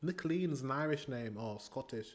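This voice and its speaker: A man from Britain with a medium-pitched voice, lively intonation and normal speed gives rambling, chatty commentary as he reacts to music. He laughs frequently between remarks, and faint pop music can be heard in the background.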